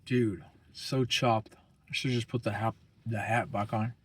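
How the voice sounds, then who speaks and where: A man's voice: on the low side, fairly even intonation, a little slow, breathy edge. A young man talking casually as a vlogger, rambling and profane, full of slang. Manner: slangy, profane, rambling, keeps saying bro.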